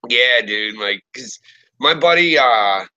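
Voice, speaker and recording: Bright, profane storytelling man. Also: mid-range voice, slow pace, no room sound, highs cut off. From Pittsburgh area, US. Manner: profane, animated storyteller acting out quotes. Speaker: podcast host. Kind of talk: casual storytelling chat.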